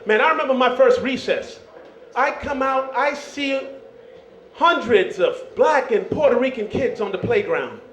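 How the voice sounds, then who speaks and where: High-voiced Jamaican-born stand-up comedian. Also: male voice, expressive, a little slow, a bit bright, slight background noise. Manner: loose, chatty, frequent "you know" and "man". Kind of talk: stand-up set. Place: comedy club stage. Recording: roomy dull club recording.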